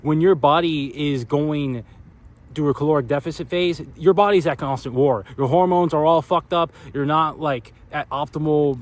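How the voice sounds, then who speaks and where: A man's voice: fairly high pitch, moderate pace. A young man vlogging in a casual, profane, filler-heavy rant. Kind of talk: casual ranting monologue.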